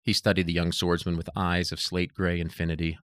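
A man narrating an audiobook in a steady, even reading voice. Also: low voice, a little fast, dry recording, clean studio sound.

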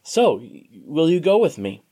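Nervous young farmer's son, stammers, hesitant, voiced by a man, animated pitch. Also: unhurried.

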